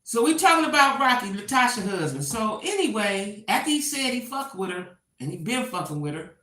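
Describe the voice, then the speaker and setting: A woman's voice: a little high, sing-song, a little fast, fairly bright tone, roomy sound. A woman hosting a casual gossip commentary, chatting straight to her viewers and tagging her points with "right?". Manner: chatty, talks back to viewers by name; peppers talk with 'right?'. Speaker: host.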